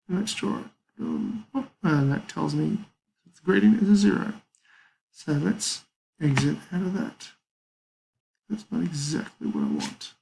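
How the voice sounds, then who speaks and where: A man's voice: fairly high pitch, gravelly, warm tone, slight background noise, poor audio. A man teaching a maths lesson, talking casually through calculator steps and thinking aloud. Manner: casual, thinks aloud with fillers and small apologies.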